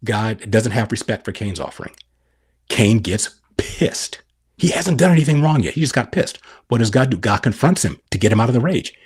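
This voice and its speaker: Middle-aged man, husky voice, animated podcast guest, rhetorical questions, preacherly delivery. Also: medium pitch, normal speed. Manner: animated, preacherly, asks and answers his own questions. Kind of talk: explaining scripture on a podcast.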